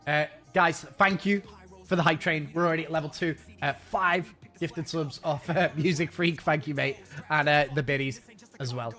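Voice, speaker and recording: A man's voice: fairly high pitch, steady tone, normal speed, bright, forceful tone, faint music behind. A man streaming a game and chatting casually with his viewers in a rambling, self-mocking way.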